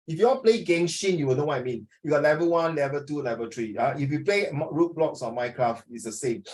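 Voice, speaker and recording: A man with a Singaporean accent teaching a class, joking with his students and quizzing them. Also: a little high. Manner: joking, asks students questions, mixes in Mandarin. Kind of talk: classroom lesson.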